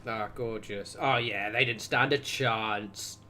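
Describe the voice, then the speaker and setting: A man's voice: lowish voice, steady tone, takes it slowly, bright, forceful tone, a little hiss or hum. A man from Southwest England with a Southern English accent, chatting casually and rambling on a gameplay livestream, swearing now and then and reacting aloud. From England (Wiltshire, Southwest). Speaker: game streamer.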